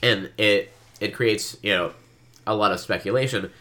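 A man with a very low, sharply forceful voice co-hosts a casual podcast about a book. He keeps the conversation going with chatty remarks and steady backchannels. His delivery is relaxed and conversational. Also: normal speed. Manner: chatty, frequent listener backchannels.

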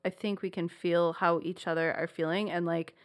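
A woman's voice: fairly low pitch, level tone, moderate pace. A woman co-hosting a podcast in casual chat, rambling with lots of "like" and restarts. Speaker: podcast co-host.

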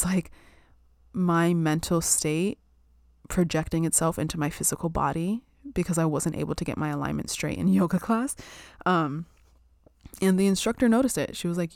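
A young woman talks in a loose, rambling way, peppering her speech with "like", "um" and the odd swear word. Her voice sits a little low for a woman. It is recorded close and dry, with no room sound. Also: fairly quick, vocal fry, a little mellow, no echo. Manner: chatty, full of "like" and "um", swears casually. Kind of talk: casual spiritual self-care chat.

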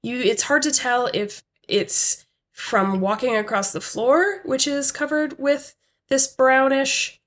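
Woman GM narrating improv tabletop comedy, casual and halting. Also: high voice, fairly bright tone. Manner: casual, laughing, hesitant. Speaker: game master.

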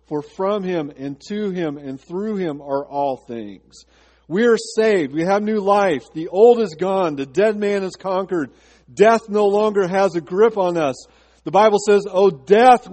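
A man's voice: high voice, a little mellow, in a large hall. A man pastor preaching a sermon to his congregation, asking rhetorical questions and slipping into a chatty personal story. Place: church sanctuary.

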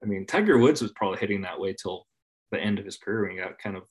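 A man in casual conversation, laid-back, swearing freely and trailing off softly at the ends of his phrases. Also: on the low side, expressive, rapid-fire. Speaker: podcast guest. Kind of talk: casual chat.

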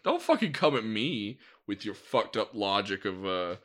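A man's voice: fairly low pitch, very animated, moderate pace, fairly bright tone. A man co-hosting a casual podcast, swearing a lot and arguing his point. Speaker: podcast co-host. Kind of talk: casual chat.

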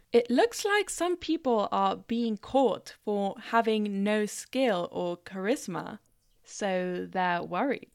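A woman's voice: medium pitch, smooth, no room sound, studio quality. A woman vlogger giving blunt, opinionated commentary.

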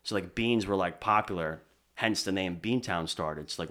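A young man from Pennsylvania, a DJ guest on a podcast, telling stories in relaxed casual chat, full of fillers. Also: deep voice, moderate pace. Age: young adult. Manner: relaxed storyteller, many fillers like "like". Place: podcast studio.

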